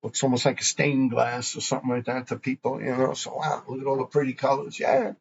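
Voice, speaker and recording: Gravelly New man telling old stories. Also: medium pitch, fairly quick, muffled recording. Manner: rambling, profane, laughing often. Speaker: graffiti show host. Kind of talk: casual storytelling.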